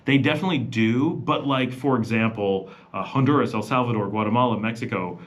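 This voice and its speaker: A man's voice: mid-range voice, brisk. A middle-aged man chatting casually on a live Q&A stream, rambling with many fillers and restarts. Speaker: vlogger hosting a live Q&A.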